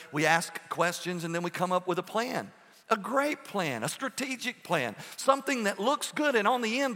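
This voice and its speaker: A man with a high, bright voice preaches earnestly in a long echoing hall. He pauses often and restarts his sentences as he presses his point home. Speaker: pastor. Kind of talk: sermon.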